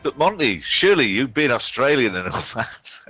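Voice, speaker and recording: A man's voice: medium pitch, very animated, normal speed, sharp tone, faint music behind. A man, bantering and joking casually while streaming a game match, with many ums and restarts.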